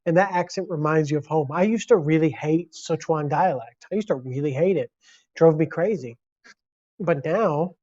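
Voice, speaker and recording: A man's voice: on the high side, darkish tone, dull audio. A man from the United States chatting casually on a live stream, rambling and reacting to viewer comments.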